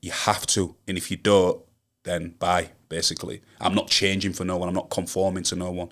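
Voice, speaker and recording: Low-pitched with little pitch movement, a fairly quick pace and a fairly bright tone, the Hull rapper is a young Yorkshireman guesting in a casual interview. He speaks with earnest emphasis and builds to rallying advice.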